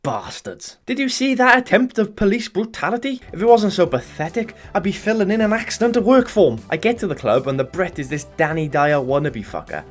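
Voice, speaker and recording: A man's voice: high voice, fairly quick, hardly any pauses, soft background music. A British man giving sweary, sardonic comedic voice-over commentary on a game. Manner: sardonic, sweary deadpan jokes. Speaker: gaming YouTuber.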